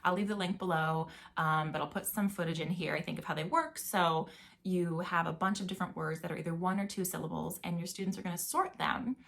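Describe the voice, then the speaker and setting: A woman's voice: on the low side, brisk, gravelly, a bit bright. Upbeat woman music teacher. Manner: chatty and upbeat, chanting rhythm words. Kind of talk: casual video lesson.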